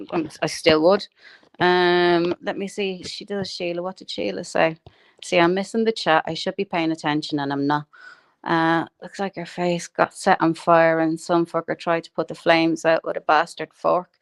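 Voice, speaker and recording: A woman's voice: lowish voice, steady tone, normal speed, no room sound, clean studio sound. A woman hosting a livestream, ranting in a foul-mouthed, mocking way and laughing at her own insults. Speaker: livestream host.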